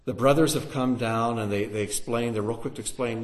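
A man teaching through a Bible passage in an animated, dramatic sermon style, sometimes acting out the characters. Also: medium pitch, fairly quick, few pauses. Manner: animated, dramatic, acts out voices.

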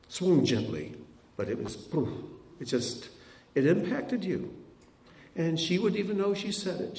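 A middle-aged pastor with a medium-pitched, darkish voice preaches a sermon in a conversational style, putting rhetorical questions to his congregation. The distant mic gives a roomy sound.

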